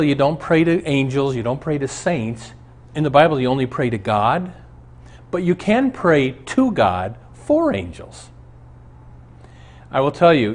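A man who is a pastor, teaching a Bible lesson on a show and telling stories from his own life in an earnest preaching manner. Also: mid-range voice.

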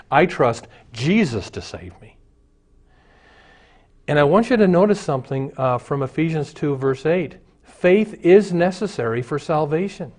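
Male pastor, mid-range voice, storytelling sermon delivery. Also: medium pitch. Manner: storytelling preacher, acts out voices in jokes.

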